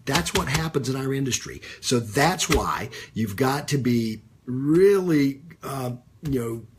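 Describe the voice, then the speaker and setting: With lively intonation and a medium-pitched voice, a man hosts a live-streamed business coaching session over slight background noise. His talk is conversational and full of fillers and repetition, with breaks to greet individual viewers by name.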